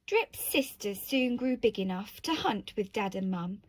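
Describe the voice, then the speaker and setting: A woman teacher reading a picture book to children, gentle and asking them questions. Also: mid-range voice, expressive, measured pace, no room sound.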